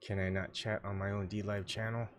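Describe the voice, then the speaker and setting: A man hosting a solo livestream, muttering his thoughts and asides to himself, often coughing and clearing his throat, on a desktop microphone at home. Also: fairly low pitch, level tone, a little fast, a little hiss or hum. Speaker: livestream host. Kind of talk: rambling solo livestream chat.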